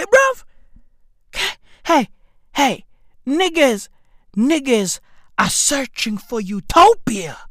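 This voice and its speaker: A woman doing a profane comedic rant, swearing constantly, firing off rhetorical questions and swinging from shouts down to hushed whispers. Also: a little high, dry recording, clean studio sound. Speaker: comedic ranter.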